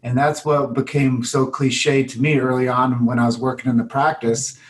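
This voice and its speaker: A man hosting a podcast talks in a mid-pitched voice. His chat is casual and emphatic. He often fills his sentences with "like" and "you know". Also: little pitch movement, moderate pace, far from the mic. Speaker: podcast host.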